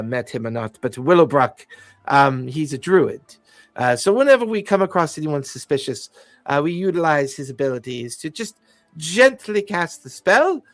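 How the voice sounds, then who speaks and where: A man's voice: on the high side, a bit bright, dry recording. A man voicing a haughty male fae security chief who talks down to everyone and keeps calling people "dear boy". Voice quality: pompous, condescending, says "dear boy".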